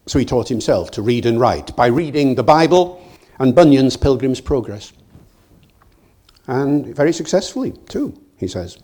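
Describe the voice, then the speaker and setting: An older British man giving a public lecture, telling stories in a lively, digressive way with acted quotes. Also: medium pitch, moderate pace, breathy edge. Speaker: guest lecturer. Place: lecture hall.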